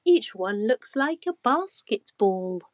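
A woman voicing a big, crafty goose with a sly, high voice. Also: sing-song, slow, no echo.

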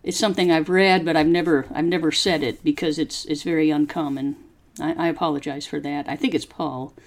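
A woman from Arkansas teaching English on a podcast, chatting casually and then reading a story slowly for learners to repeat. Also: sits low. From Arkansas, USA. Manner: chatty and relaxed, reading text slowly and deliberately. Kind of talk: podcast lesson with slow read-aloud for listen and repeat.

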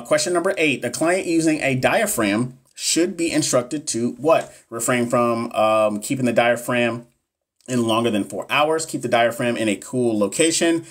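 Profane, hyped-up male nursing tutor. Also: medium pitch. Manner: casual, profane, hyped-up talk to viewers. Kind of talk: live-stream exam review.

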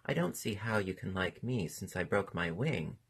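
A man's voice: low-pitched, animated, normal speed, vocal fry, slightly rough, exaggerated voice. A man voicing a brave, homely male moth in a storybook, speaking in an earnest, modest way.

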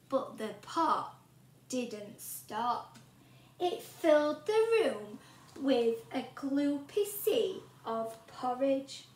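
A woman's voice: on the high side, slow pace, a little hiss or hum. A woman teacher reading a storybook aloud to young children and asking them questions along the way. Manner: animated, asks the children questions. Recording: roomy echo.

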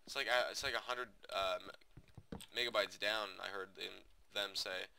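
Young guy gaming vlogger, tense bright tone, loose filler-heavy chatter, light typing noise in the background. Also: fairly low pitch, fairly even intonation, moderate pace, vocal fry. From United States. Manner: rambling, many fillers and restarts, chatty with viewers. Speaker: gaming video host. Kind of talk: casual rambling commentary over gameplay.

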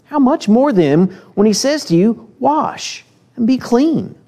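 A man preaching a sermon in a church, reading scripture with lively acted voices and then talking plainly to the congregation with direct questions. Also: very high voice, takes it slowly. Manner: asks the listeners direct questions.

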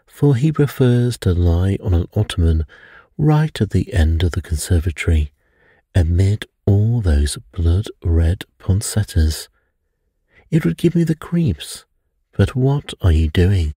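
A man's voice: low voice, expressive, slow, warm tone, slightly rough, no echo, clean studio sound, exaggerated voice. A man reading a bedtime story, voicing a careless, scoffing middle-aged doctor who laughs things off.

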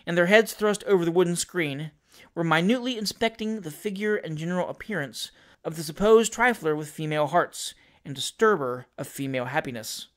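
Expressive male reader, high voice. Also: fairly quick. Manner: expressive, theatrical. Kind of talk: audiobook-style reading of a classic novel.

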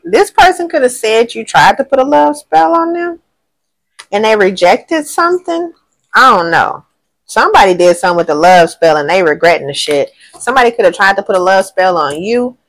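This tarot reader's voice is medium in pitch as she gives a casual reading to a general audience. She muses aloud, uses lively slang, curses now and again and frequently says she does not know.

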